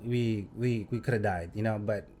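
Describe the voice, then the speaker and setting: A young man in casual podcast chat, telling a story in an animated, excitable way and acting out sound effects. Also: fairly low pitch, moderate pace, faint music behind. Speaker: podcast host.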